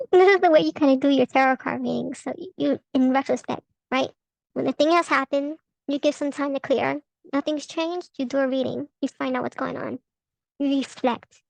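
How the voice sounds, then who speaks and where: High-pitched woman ranting on a tarot vlog, swears a lot, dry close mic. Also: steady tone, moderate pace, gravelly, dry recording, rough recording. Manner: profane, heated, laughing between rants. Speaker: tarot vlogger.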